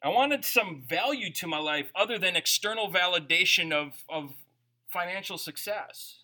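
A man's voice: high-pitched, expressive, normal speed, sharp tone. A man preaching a conversational sermon, reading scripture aloud and breaking into informal, jokey asides. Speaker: pastor.

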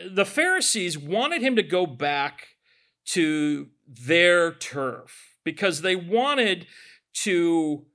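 Male pastor, sermon, conversational, joking, sarcastic asides, highish voice, animated intonation.

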